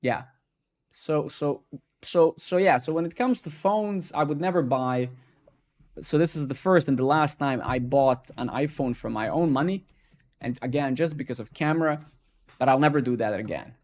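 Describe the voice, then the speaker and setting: Ranting, profane male live-coding streamer. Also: on the high side. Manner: profane, ranting and joking with chat; fast, excitable, fillers like man and bro. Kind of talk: casual live-stream chat. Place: home desk setup.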